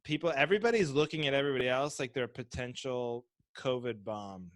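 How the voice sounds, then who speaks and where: A man co-hosting a podcast in casual chat, animated and acting out mocking voices. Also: mid-range voice, quick pace, no echo, clean studio sound. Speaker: podcast co-host.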